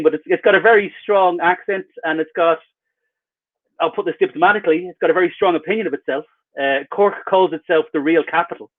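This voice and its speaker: A man, an author, giving rambling, wry and self-mocking answers in a casual interview over a video call. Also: fairly high pitch. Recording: tinny phone-like video call line.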